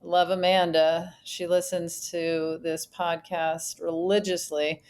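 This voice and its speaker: A woman's voice: lowish voice, flat delivery, takes it slowly, darkish tone, smooth. A middle-aged woman co-hosting a podcast and telling a rambling story in a dry, casual way. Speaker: podcast co-host.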